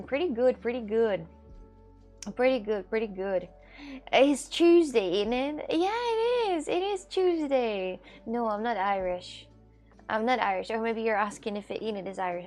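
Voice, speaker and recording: Chatty woman with a gravelly voice. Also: medium pitch. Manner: chatty, halting, many fillers and restarts. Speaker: live streamer reading chat. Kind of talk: casual chat.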